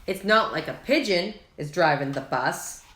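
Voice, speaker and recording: A woman's voice: on the low side, animated, moderate pace, a bit bright, roomy sound. A woman voicing a bold, playful boy kitten who thinks he's a chihuahua, in a sing-song, dramatic storybook manner.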